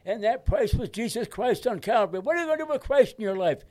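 A man's voice: lively intonation, fast, darkish tone. An elderly man voicing a fervent male evangelist who preaches urgently to a big crowd. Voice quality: booming, urgent preaching cadence.

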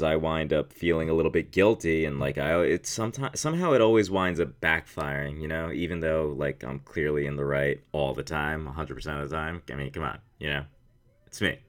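A rambling American man hosts his podcast with a strikingly deep, low voice. He talks in a loose, self-mocking way, swearing casually as he wanders from thought to thought. He sounds roughly thirty. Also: a bit bright. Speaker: podcast host. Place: indoor office studio.

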